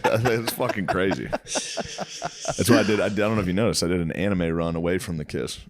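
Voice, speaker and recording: A man with a very low voice co-hosting a podcast. He chats casually, blunt and crude, cracking jokes as he goes. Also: steady tone, moderate pace, crowd noise. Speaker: podcast co-host. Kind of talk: casual chat.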